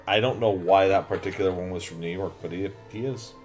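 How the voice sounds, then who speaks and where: A man's voice: low voice, a little fast, a little mellow, soft background music. A man streaming a video game live, commenting casually and cracking dad jokes. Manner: joking, makes dad jokes.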